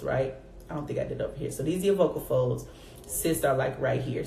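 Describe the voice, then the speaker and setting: A young woman shares a personal story with her viewers, calling them y'all and acting out her past panic in a high voice. Her speaking voice sits a touch low. She is recorded in an echoey room with a faint noise underneath. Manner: animated, acts out her own past reactions in a high voice; addresses viewers directly as y'all. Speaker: faith vlogger.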